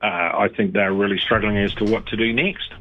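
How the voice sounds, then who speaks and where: A man speaks over a thin, tinny phone line. His voice sits low and a little husky. He talks about policy in a measured, critical way. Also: fairly even intonation. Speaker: interview guest on rural radio. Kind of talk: radio phone interview.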